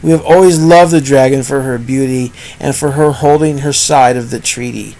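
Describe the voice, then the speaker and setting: A man's voice: medium pitch, fairly even intonation, normal speed, warm tone, close to an everyday voice, rough recording. A man doing a grave old pig elder. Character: wise old male pig elder, solemn.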